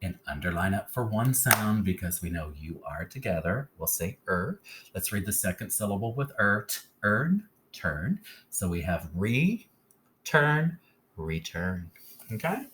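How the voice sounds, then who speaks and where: Male teacher, very low voice, patient phonics lesson, light background hiss. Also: animated, moderate pace, a bit bright. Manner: patient, keeps checking in with "okay?".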